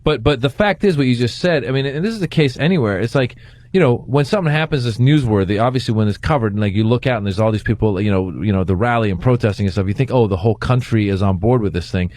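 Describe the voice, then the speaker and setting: A middle-aged man from Iran, a comedian guest telling stories in casual chat, full of fillers and quick restarts. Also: mid-range voice. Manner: animated storytelling with many fillers.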